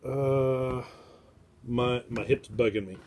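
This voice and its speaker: A man hosting a loose, casual stream from home, rambling from one thing to the next with crude jokes along the way. His voice sits at an ordinary middle pitch. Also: fairly even intonation, takes it slowly, a little mellow. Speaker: show host. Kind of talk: casual livestream chat.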